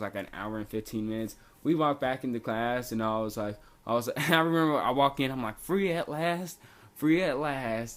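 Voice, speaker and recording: A man's voice: medium pitch, fairly bright tone. Laid-back young man telling a story. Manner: rambling, laid-back, full of "like". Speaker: vlogger. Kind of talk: casual storytime vlog.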